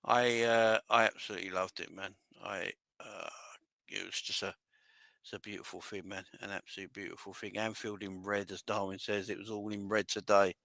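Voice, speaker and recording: A man hosting a fan livestream, emotional and rambling as he chats and gives shout-outs to viewers. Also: fairly low pitch, little pitch movement, normal speed, vocal fry, dry recording. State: emotional, voice wavering. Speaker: fan channel livestream host. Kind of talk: emotional casual livestream chat.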